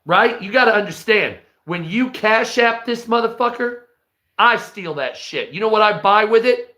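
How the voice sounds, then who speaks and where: A man voices a foul-mouthed, boastful street thug who trash-talks and threatens the listener with menacing swagger. His voice is high, expressive, bright, and forceful, crude and menacing, at a moderate pace. The recording has a roomy echo.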